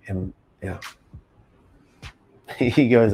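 A low-pitched man in his thirties delivers a personal testimony with intense emphasis, pushing into loud, forceful bursts. A faint hiss sits under his voice. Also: fairly even intonation, normal speed. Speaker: storyteller.

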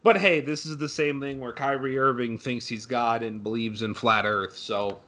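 A man's voice: medium pitch, steady tone, moderate pace, pushed and bright. A young man co-hosting a casual sports podcast, sarcastic and ranting, swearing freely. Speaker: podcast co-host.

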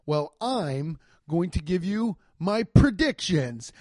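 A man with a slightly higher voice rambles through a comic podcast monologue, excitable and profane, full of restarts. The sound is dry and close. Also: slow pace, few pauses, dry recording. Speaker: comedian podcast host. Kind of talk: casual comedic monologue.

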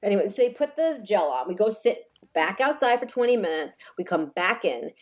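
A woman's voice: medium pitch, big pitch swings, brisk. A woman co-hosting a podcast, animatedly telling a family story in casual chat and acting out the voices. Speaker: podcast co-host.

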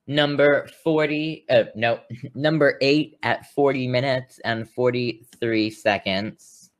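Casual man podcaster, mid pitch, umms a lot, loose chat. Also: fairly even intonation, takes it slowly. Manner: rambling, many fillers. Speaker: podcast co-host.

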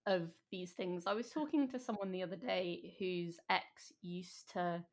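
A woman's voice: fairly low pitch, unhurried. A woman hosting a casual chat podcast, supportive and asking follow-up questions. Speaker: podcast host.

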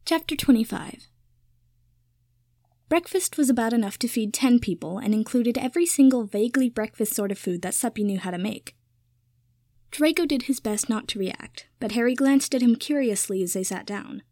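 A woman hosting a fan fiction reading, telling the story in an even, clear way. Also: fairly high pitch, moderate pace, dry recording, clean studio sound.

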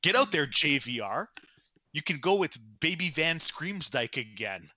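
A man co-hosting a casual sports podcast, talking loudly in animated pep-talk bursts. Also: a little high, unhurried, no echo. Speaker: podcast co-host.

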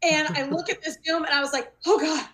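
A woman in her forties tells stories in casual chat over a video call, acting out her own reactions. Her voice sits high, with a bright and forceful edge. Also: fast. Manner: animated storytelling, acts out her own reactions. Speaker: teacher.

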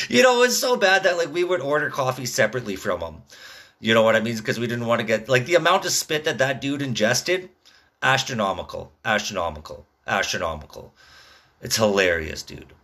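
A man's voice: mid-range voice, pushed and bright. Profane rambling young man telling stories. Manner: profane, rambling storyteller, lots of "dude" and "man". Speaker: podcast host; construction worker. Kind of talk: casual monologue.

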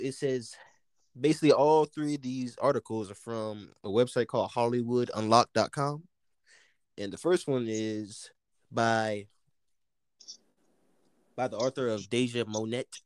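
A man's voice: mid-range voice, a little mellow, smooth, no room sound. A man co-hosting a casual comedy podcast, joking and swearing as he stumbles through reading news stories aloud.

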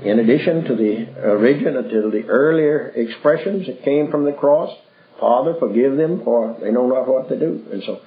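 An older man preaching a Bible study, rambling and folksy with many pauses and fillers. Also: medium pitch. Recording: tinny phone-like lo-fi recording.

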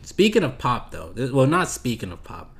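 A man's voice: medium pitch, very animated, normal speed, noisy background. Laid-back rambling male podcaster. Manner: laid-back, rambling, slangy, drifts off topic. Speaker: podcast host. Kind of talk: casual solo podcast chat.

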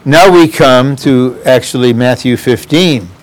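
A man's voice: mid-range voice, measured pace. A man preaching a sermon, earnest and addressing the congregation directly.

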